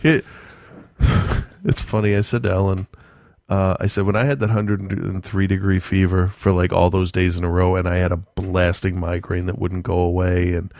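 Brief: low gravelly man, profane chatty storyteller, dry close sound. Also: level tone, normal speed, darkish tone, no room sound. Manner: profane, darkly joking, laughs often. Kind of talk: casual chat.

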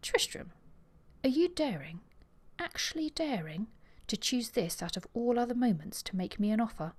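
A woman's voice: mid-range voice, lively intonation, normal speed. A woman reading aloud as a spirited, witty young Regency lady, indignant and playful.

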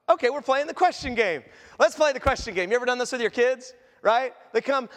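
A man preaching a sermon as pastor, animated and acting out quoted voices as he teaches. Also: extremely high pitch, a little fast. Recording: echoey hall reverb.

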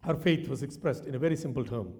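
A male pastor preaching a sermon in a church. He is animated, often throws questions to the congregation and at times drops into quiet, personal storytelling. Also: mid-range voice, fast talker.

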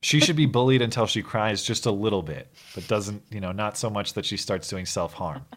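A man co-hosting a podcast in casual chat, joking in a deadpan, trolling way. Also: on the low side, fairly quick. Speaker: podcast co-host.

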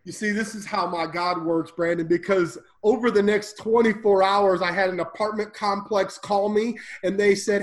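A man with a fairly high voice recounts his life on a podcast with fervent, preacher-like intensity. He surges loud and then sinks to a near hush. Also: steady tone, normal speed, hardly any pauses, low-quality recording. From Illinois. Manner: intense, preacher-like, swings between loud and hushed. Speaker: podcast guest. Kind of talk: emotional personal storytelling.

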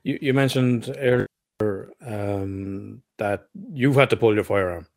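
A man's voice: fairly low pitch, measured pace, creaky. A man interviewing a guest in a casual chat, weighing his words as he speaks.

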